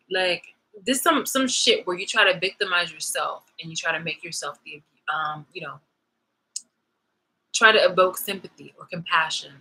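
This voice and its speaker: A woman's voice: lowish voice, moderate pace, sharp tone, poor audio. A woman vlogging in a heated, profane monologue rant, restarting and repeating her phrases as she talks.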